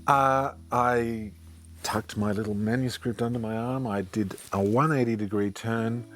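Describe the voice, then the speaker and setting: A man telling a personal story in a monologue, often halting and repeating himself. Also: mid-range voice. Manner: halting, repeats words and restarts sentences.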